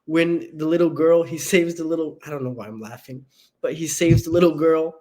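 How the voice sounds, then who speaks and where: A man co-hosting a casual movie podcast, bantering playfully with boastful jokes and quick asides. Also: on the high side, fairly even intonation, a little mellow. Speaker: podcast co-host.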